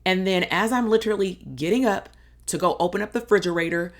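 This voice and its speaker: A woman's voice: medium pitch, fast talker. A woman in her thirties hosting a podcast, giving upbeat, encouraging advice in a casual, slangy way. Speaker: podcast host and business coach. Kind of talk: motivational podcast monologue.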